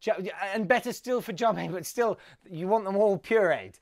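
A man's voice: sits high, normal speed, dry recording, clean studio sound. A man hosting a solo live comedy webcast, talking in a wry, rambling way with many fillers and restarts. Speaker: host.

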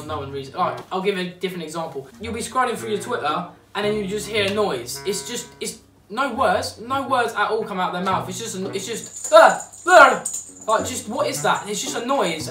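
A vlogger delivering a sarcastic, exasperated comedic rant to camera, rambling and full of fillers. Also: mid-range voice. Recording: roomy, distant mic, music behind.

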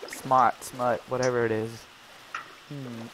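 A man's voice: mid-range voice, flat delivery, slow, fairly bright tone, a little hiss or hum, low-quality recording. A man casually joking and teasing his friend while commentating a game he is playing. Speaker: co-host of a game series. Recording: music playing under the voice. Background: background music.

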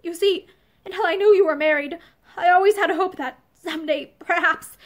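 A woman's voice: very high voice, fairly quick. A woman reading the part of a lovesick man who pleads passionately with the married woman he loves. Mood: passionate pleading. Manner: impassioned, pleading.

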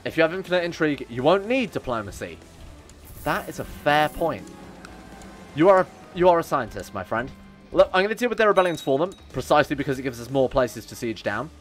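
A man's voice: on the high side, a little fast, faint music behind. A man streaming a strategy game live, joking around, swearing and talking to his chat. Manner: animated, jokey, swears, talks to chat. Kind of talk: live gameplay commentary.

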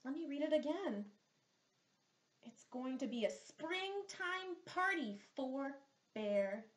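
A woman reads a picture book to young children at an unhurried pace, pausing to ask them questions. She models each speech sound slowly and with exaggeration, in a rather high voice. The recording has a noticeable roomy echo. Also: animated. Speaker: children's therapist.

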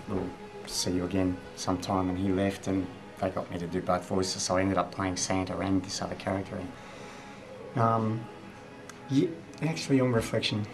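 A middle-aged man, a voiceover artist, telling a story in a hesitant, halting way with lots of pauses. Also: deep voice. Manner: hesitant, halting with many ums. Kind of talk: mockumentary interview anecdote.

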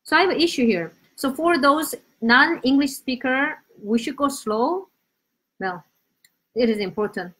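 A woman teaching Korean on a live lesson, animated, switching between Korean and English, with uneven English grammar. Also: high-pitched, measured pace, breathy edge. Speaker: Korean language teacher, host. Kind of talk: live-stream language lesson.

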